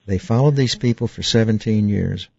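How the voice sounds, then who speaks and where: A dentist hosts a call-in radio program, explaining patiently with plenty of fillers and restarts. His voice sits low and gravelly. The studio sound is dry and a little muffled. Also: moderate pace, darkish tone. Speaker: radio talk show host, dentist.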